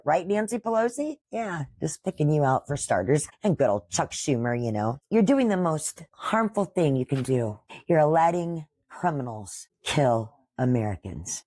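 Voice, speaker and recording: A woman in her sixties hosts a podcast, delivering a combative political monologue in a husky, slightly breathy voice. She talks at a middling pitch and scolds her targets head-on. The sound is close and dry, with no room around it. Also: darkish tone, no room sound. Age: 60s. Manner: combative, scolding, addresses opponents directly. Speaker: podcast host.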